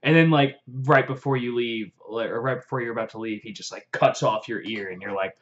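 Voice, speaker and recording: A young man excitedly recapping a fantasy novel in a rambling vlog, full of fillers and swearing. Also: medium pitch, a little fast, few pauses. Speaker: vlogger. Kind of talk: casual book recap. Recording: dull lo-fi audio.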